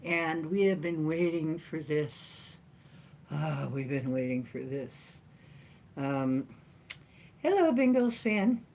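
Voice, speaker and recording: A woman hosting a casual livestream chat from home, rambling and chatty with frequent laughs and playful jumps in pitch. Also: animated, slow, long pauses, a little mellow, a little hiss or hum. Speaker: livestream host. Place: at home, sitting in a chair with a cat.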